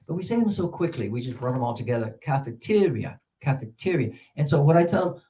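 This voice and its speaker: A man's voice: fairly high pitch, rapid-fire, a little hiss or hum. A man leading a workshop for English teachers, speaking into a microphone and animatedly modelling words. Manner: animated, demonstrative, drawing out words.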